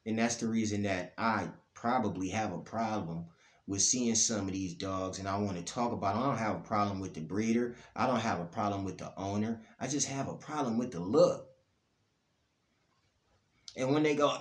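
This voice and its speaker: A man, ranting bluntly about dog breeding, his voice swinging from low grumbles to loud outbursts. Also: moderate pace, reverberant. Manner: blunt, profane, heated, pitch and loudness swinging up and down. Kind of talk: ranting monologue to camera.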